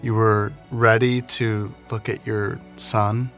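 Brief: male interviewer, builds his questions in a repeated pattern, somewhat low voice. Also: level tone, takes it slowly, a bit bright, faint music behind.

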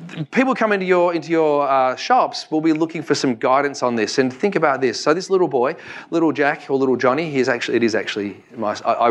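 Australian man, 40s, easygoing seminar presenter, mid-pitched voice. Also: slight background noise. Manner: chatty, jokey, asks the audience questions. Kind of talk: live talk to an audience. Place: room with a live audience.

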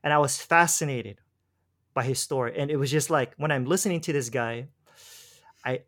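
A man in relaxed conversation tells a long personal story. He rambles, restarts his sentences and drops in slang like "bro". His voice sits at an ordinary middle pitch. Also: moderate pace. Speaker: guest telling his faith story.

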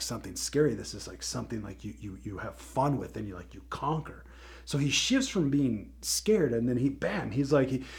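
A man giving a casual motivational talk, retelling a film scene as an animated storyteller who laughs often and repeats words. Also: medium pitch.

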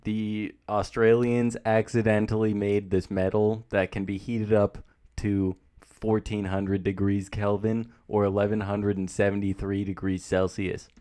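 Brief: male podcast guest, lowish voice, relaxed and dry-humored. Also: a little slow, clean tone. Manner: laid-back, dry joking. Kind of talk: casual podcast banter.

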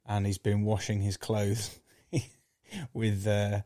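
Man, podcast co-host, hurried, fairly low voice, dry close sound. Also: monotone, dark tone, no room sound. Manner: hurried, correcting himself mid-sentence. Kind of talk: casual chat.

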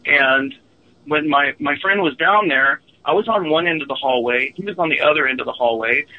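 A man guest telling an earnest, halting personal story with many fillers. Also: a little high. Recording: phone line.

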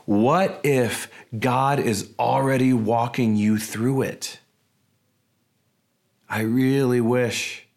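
A man, a pastor, preaching a sermon in a conversational, emphatic way with rhetorical questions. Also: medium pitch.

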